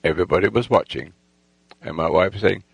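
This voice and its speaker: A man telling a rambling, boastful personal story, halting with restarts and lost threads. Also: sits low, creaky, husky, dry recording, rough recording. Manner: boastful, self-assured storytelling.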